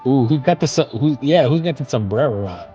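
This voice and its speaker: A man's voice: mid-range voice, expressive, a little fast, mellow, muffled recording, faint music behind. A man chatting casually during a game stream, teasing his friends and laughing often. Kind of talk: casual chat while gaming.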